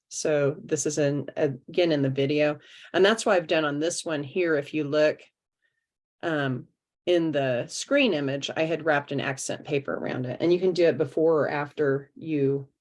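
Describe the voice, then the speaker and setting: A woman with a low, slightly mellow voice teaches a craft workshop online over a video call. Chatty and hands-on, she walks participants through the project step by step as she works.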